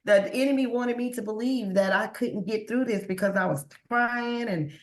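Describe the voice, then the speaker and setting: A woman's voice: on the high side, unhurried. Earnest woman guest in an echoey room. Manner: earnest, faith-filled, repeats words when moved. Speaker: podcast guest, entrepreneur. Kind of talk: emotional interview talk.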